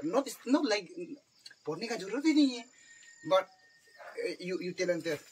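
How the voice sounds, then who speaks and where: A man's voice: high-pitched, lively intonation. Brief: man, plays a teacher in a comedy skit, broken English, stumbles and repeats, light hiss behind. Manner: broken English mixed with Hindi, halting, repeats words. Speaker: comic playing a teacher.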